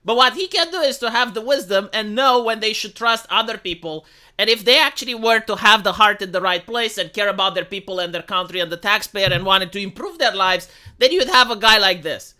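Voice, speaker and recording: Young guy ranting on his stream, bright sharp voice, swears a lot, pitch jumps all over. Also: fairly quick. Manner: animated, swearing, big pitch swings. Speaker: livestream host. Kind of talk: casual livestream rant.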